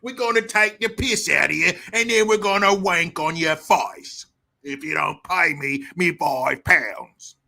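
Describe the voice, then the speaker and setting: A man's voice: fairly high pitch, slow, creaky, few pauses, fairly bright tone, exaggerated voice. A man putting on an exaggerated mock British Cockney accent, playing a rowdy geezer.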